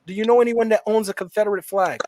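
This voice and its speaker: High-voiced New York man hosting. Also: steady tone, quick pace, background noise. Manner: teasing, stammering restarts. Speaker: livestream show host. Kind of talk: casual call-in chat.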